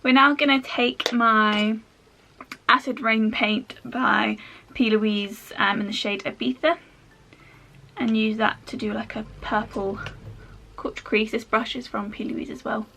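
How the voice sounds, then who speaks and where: A woman's voice: a little high, steady tone, a little slow, vocal fry, sharp tone, slight background noise. A woman chatting her way through a makeup tutorial at home, rambling with self-mocking asides as she works. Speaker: makeup vlogger.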